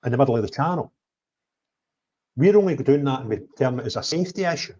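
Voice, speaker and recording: A man telling of his travels in an animated livestream chat, blunt, swinging between loud outbursts and low mutters. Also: fast, long pauses. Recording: dull lo-fi stream audio.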